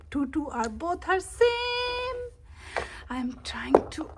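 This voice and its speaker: High, slow, playful young woman. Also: very animated, very noisy. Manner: playful, exclamatory, soft at times. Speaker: toy channel host. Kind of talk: toy play narration.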